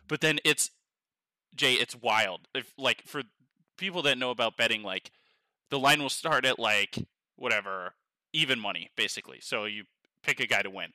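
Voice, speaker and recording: An excitable man chatting on a podcast, rambling and breaking into laughs. His voice is very bright and edgy. The sound is dry and close. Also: medium pitch, moderate pace, no echo. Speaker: podcast co-host. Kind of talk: casual chat. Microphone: headphones on, podcast mic.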